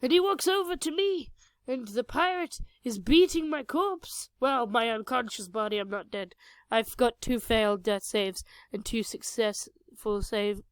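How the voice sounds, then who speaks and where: A young woman with a slightly high, clear and resonant voice tells the story of a tabletop game session at a measured pace. Her casual narration wanders and leans on crude, self-mocking humor. There's no room sound, though the mic is a cheap home one.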